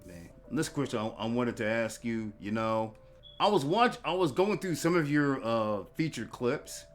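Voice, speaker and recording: A man hosting a casual interview podcast, talking in a halting way with repeated words and lots of fillers. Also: medium pitch, expressive, faint music behind. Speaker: podcast host.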